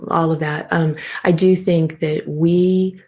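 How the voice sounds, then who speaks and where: Low-voiced and slow, a woman in her fifties appears as a guest therapist in a relaxed interview. She explains with animation but keeps starting her thoughts over.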